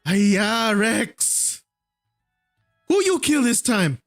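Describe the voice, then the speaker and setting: Man putting on a tough dragon matriarch, clipped broken English, pitched up, for a tabletop game. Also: very animated, extremely slow, fairly bright tone, soft background music, heavily acted. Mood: scolding. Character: buff scarred female brass dragon mother, stern.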